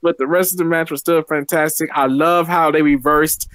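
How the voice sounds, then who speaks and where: A man co-hosting a casual review chat, talking excitedly and repeating himself. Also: a little high, normal speed, no room sound, clean studio sound. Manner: chatty, repeats words when excited. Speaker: co-host.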